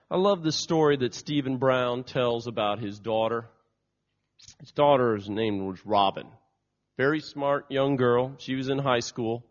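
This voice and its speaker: A man preaching a sermon, telling stories in a lively way and acting out the quotes. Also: mid-range voice, measured pace. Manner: storytelling, animated, acts out quotes. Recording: dull lo-fi recording.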